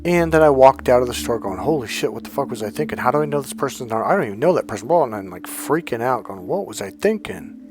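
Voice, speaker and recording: A man's voice: medium pitch, animated, fast talker, few pauses. A middle-aged man speaks in an everyday mid-range voice, coaching viewers through a casual monologue. He tells his own experiences candidly and bluntly, swearing freely as he goes. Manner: candid, profane storytelling.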